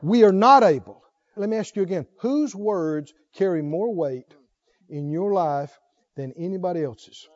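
This sermon comes from a man whose voice sits high and warm, his pace a little slow. He reads scripture with growing fervor and throws questions out to the congregation, all captured in dull audio.

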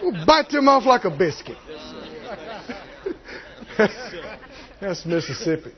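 Lively high-pitched preacher, unhurried. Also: male voice, husky, highs cut off. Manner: animated, swinging from low asides to shouted high peaks; folksy, jokes with the congregation. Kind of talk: sermon.

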